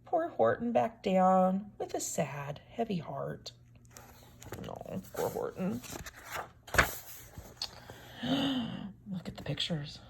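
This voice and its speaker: A woman reads a picture book aloud to children in an animated, expressive way. She gasps at the turns of the story and asks her listeners questions. Her pitch swings widely while her pace stays slow and unhurried. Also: gravelly, noisy background.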